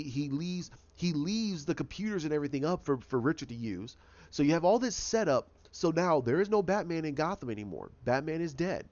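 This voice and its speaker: A man's voice: on the high side, a little mellow, lo-fi sound. A man giving a casual, rambling recap of a TV episode, often repeating himself and restarting his sentences. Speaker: show recap host.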